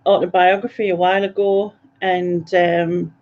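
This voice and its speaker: A man in casual chat, speaking hesitantly with many pauses and fillers. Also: sits high, flat delivery. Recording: dull lo-fi call audio.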